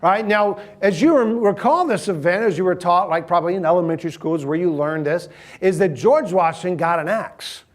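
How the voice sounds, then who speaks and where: A man's voice: high voice, fairly quick. A middle-aged man, giving a sermon in a conversational, humorous storytelling manner and asking the audience questions.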